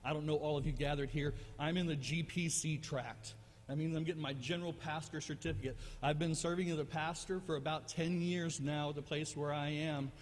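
High-voiced pastor preaching in an echoey hall. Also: male voice, fairly even intonation, brisk. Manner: conversational, self-deprecating, repeats words. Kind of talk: sermon.

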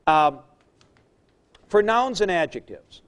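A man teaching a class, explaining slowly with fillers and "okay?" checks to the students. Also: high-pitched, sing-song. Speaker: Greek teacher. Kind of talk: classroom lecture.

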